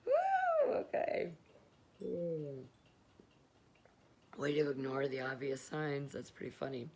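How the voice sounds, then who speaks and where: A woman's voice: extremely low pitch, steady tone, unhurried, a little mellow, slight background noise. A middle-aged woman talking candidly and rambling in a confessional vlog, swearing freely while stoned. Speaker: vlogger.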